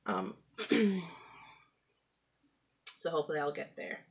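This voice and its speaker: A woman hosting a home craft podcast, talking casually and rambling, often laughing and clearing her throat. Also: low-pitched, lively intonation, takes it slowly. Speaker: knitting podcast host. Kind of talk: casual craft chat to camera. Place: at home with pets.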